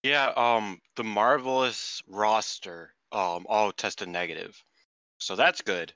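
A man's voice: fairly low pitch, fairly even intonation, slow pace, bright, forceful tone, smooth, dry recording, poor audio. A man co-hosting a podcast, rambling loosely and casually, sometimes with his mouth full. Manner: loose and rambling, talks while eating. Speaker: podcast co-host. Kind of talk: casual chat.

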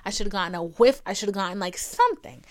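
A woman's voice: medium pitch, fast talker, a little hiss or hum. A young woman hosting a podcast, telling a rambling, profane story about her dating life and acting out the voices of people in it. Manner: profane, dramatic, quotes others in animated put-on voices. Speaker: podcast host. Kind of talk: casual storytelling rant.

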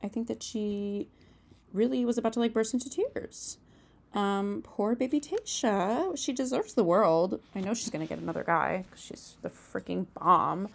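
Young woman podcast host, casual chatty recap, heavy vocal fry. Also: medium pitch, normal speed. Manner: chatty, lots of "like" and "um", animated asides. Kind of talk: casual solo recap chat.

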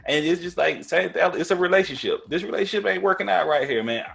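A man with a deep voice telling stories in casual podcast chat, swearing freely and restarting his sentences often. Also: quick pace, gravelly, fairly bright tone. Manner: casual, profane storytelling with many restarts.

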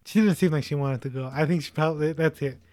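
Man, slightly high voice, joking chat partner, laughs a lot, dry close mic. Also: darkish tone, no room sound. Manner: jokey, laughing, acts out lines in quick asides. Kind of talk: casual chat.

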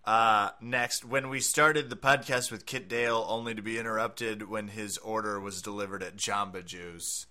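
A man's voice: fairly low pitch, steady tone, normal speed, few pauses, sharp tone. A man co-hosting a podcast in casual chat, joking and laughing often. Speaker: podcast co-host.

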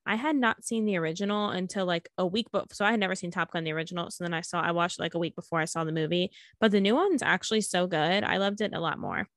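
A woman's voice: on the low side, fast, hardly any pauses, no room sound, clean studio sound. A young woman guesting on a casual podcast chat, rambling and hedging with frequent laughs.

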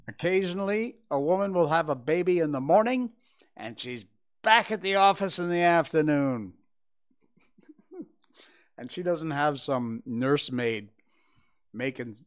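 Podcast host, American man, wry and animated, stretches words for effect, voice on the higher side. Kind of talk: casual podcast commentary. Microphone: podcast mic.

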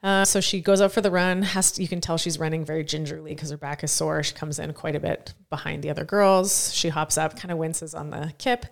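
A woman co-hosting a casual podcast chat, telling animated stories from her work as a competition judge. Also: deep voice, a little fast, creaky, hardly any pauses. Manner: animated storyteller who acts out quotes.

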